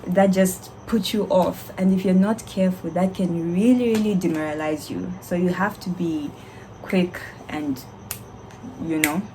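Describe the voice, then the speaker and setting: A young woman recounts her story in a casual vlog, animated and candid, laughing often. Her voice sits on the lower side for a woman. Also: measured pace, background noise. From Zambia. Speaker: vlogger, young doctor.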